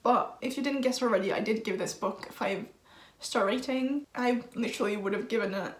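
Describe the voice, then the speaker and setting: Gushing young woman, roomy echo. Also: a little high. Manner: gushing, heartfelt, emotional. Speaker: book vlogger. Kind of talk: casual vlog talk to camera.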